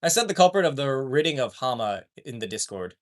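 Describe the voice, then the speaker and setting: A male streamer talks through a casual live chat, reading viewer comments as they come in. His pitch moves up and down freely. He rambles, loses threads mid-sentence and swears without much thought. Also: big pitch swings, a little fast.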